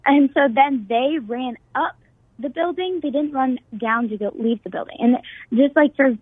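A young woman tells her own story as a radio guest, earnest and halting with fillers. She comes through a thin, tinny phone line in a dry sound. Her voice sits a little high. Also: slightly rough, dry recording. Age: young adult. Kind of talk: personal account on a talk show.

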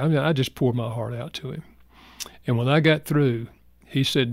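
A man's voice: medium pitch, steady tone, normal speed, long pauses, no echo. Older man telling heartfelt stories, dry sound. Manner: earnest and heartfelt, soft when emotional. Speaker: guest author. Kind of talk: reflective personal storytelling.

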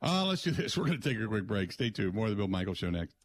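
Rambling radio host, dry studio sound. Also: male voice, lowish voice, very animated, quick pace, no room sound. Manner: rambling, joking rants. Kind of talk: casual radio talk. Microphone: studio mic.

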